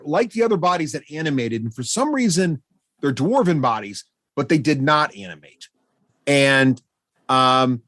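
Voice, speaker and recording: A man running a tabletop game as game master, playful and animated. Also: fairly high pitch, dry recording.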